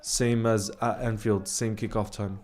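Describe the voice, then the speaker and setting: A man's voice: fairly low pitch, little pitch movement, unhurried, soft background music. A man hosting a live football watch-along stream, chatting casually and reading out viewer messages between his reactions, in a laid-back, chummy way. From grew up largely in New York. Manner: laid-back and chummy, calling viewers "bro" and giving shout-outs. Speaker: livestream host of a match watch-along.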